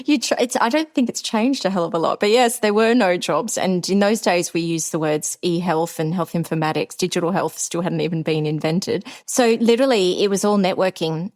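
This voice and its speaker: A woman in her forties with an Australian accent, co-hosting a podcast and telling a story in lively casual chat, acting out the voices she quotes. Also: on the low side. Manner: animated, acts out quoted voices. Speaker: podcast co-host.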